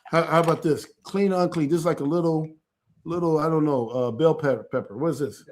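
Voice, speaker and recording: A man's voice: on the high side, quick pace. Chatty man checking in with "right?". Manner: animated, keeps checking in with "right?"; repetitive, stumbles and restarts. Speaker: church elder. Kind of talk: casual informal teaching.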